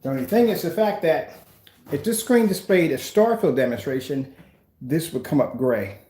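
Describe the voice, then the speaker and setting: A man's voice: a little high, expressive, normal speed, dark tone, roomy sound. A man who owns a small business, talking in a casual vlog demonstration in an emphatic, repetitive way.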